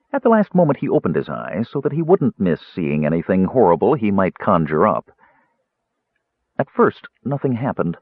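A man narrating a fantasy novel aloud in an expressive storytelling way. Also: medium pitch, husky, no echo. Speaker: audiobook narrator. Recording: tinny phone-like sound.

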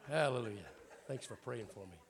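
Gravelly, animated Southern preacher. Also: male voice, mid-range voice, a little fast, noisy background. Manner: folksy, joking, animated preaching. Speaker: bishop preaching. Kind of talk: sermon.

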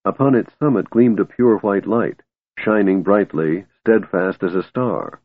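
Male audiobook narrator, husky, phone-thin sound. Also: lowish voice, measured pace, no echo. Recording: tinny narrow-band recording.

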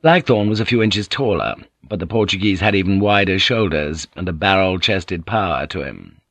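A man reads an audiobook novel aloud in a steady, measured way. His voice sits on the low side and is recorded dry and close, with no room sound. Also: no echo. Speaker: audiobook narrator. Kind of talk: scripted narration.

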